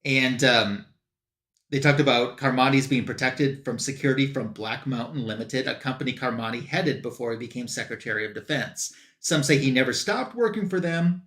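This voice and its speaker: A man on a comic book show giving a casual plot recap and quoting characters in quick bursts. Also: medium pitch, a bit bright, roomy sound. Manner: retells scenes with quick quoted voices for characters.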